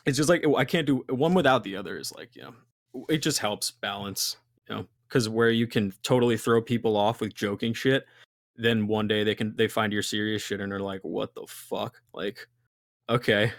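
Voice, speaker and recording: A man's voice: on the low side, a little fast, no room sound, clean studio sound. A young man, a musician guest, talking casually in a rambling, swearing way with lots of fillers. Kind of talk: casual interview chat.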